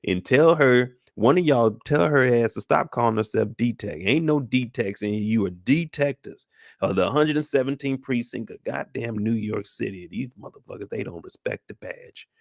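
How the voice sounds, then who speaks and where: A man's voice: mid-range voice, normal speed, creaky, no echo, studio quality, lightly acted. A man playing an exasperated middle-aged male police captain, ranting profanely and bossily at his detectives.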